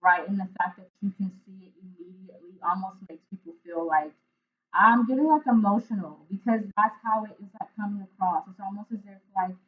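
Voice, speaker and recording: An earnest woman talks through a tarot reading at a middling pitch, often stopping to find her words and checking in with "right?". Her voice comes through thin and narrow, like a phone line. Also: brisk. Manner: emotional, searching for words. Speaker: intuitive tarot reader.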